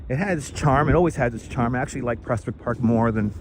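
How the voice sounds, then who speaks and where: A man's voice: medium pitch, quick pace, a little hiss or hum. A middle-aged man, chatting casually on a live stream as he bikes through a city park on a lapel mic, reading out and thanking viewers. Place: outdoors in a city park, riding a bike. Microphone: wireless lapel mic.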